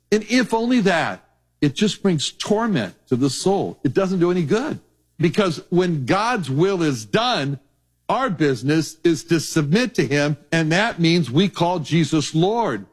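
Conversational male preacher, higher-pitched. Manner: conversational storytelling with drawn-out emphasis. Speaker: pastor. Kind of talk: sermon.

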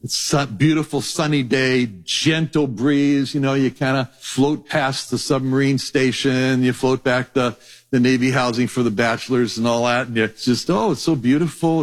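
A male Bible teacher preaching a sermon in a conversational, animated storytelling way, acting out voices. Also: medium pitch.

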